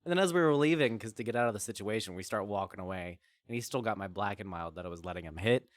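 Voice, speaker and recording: A man chatting casually with friends, telling an anecdote in a relaxed way with chuckles. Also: on the low side, fast, no room sound, clean studio sound. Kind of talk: casual chat.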